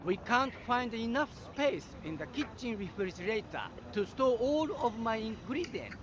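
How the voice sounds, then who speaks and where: A man's voice: sits high, sing-song, normal speed, background noise. An actor playing a temperamental, proud male train chef who talks in an indignant, demanding way. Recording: dull lo-fi game audio with crowd.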